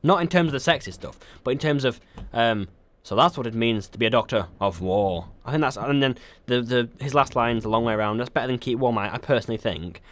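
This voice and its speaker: A man's voice: mid-range voice, fairly quick, hardly any pauses. A young man co-hosting a podcast in casual chat, rambling with frequent ums and restarts. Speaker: podcast co-host.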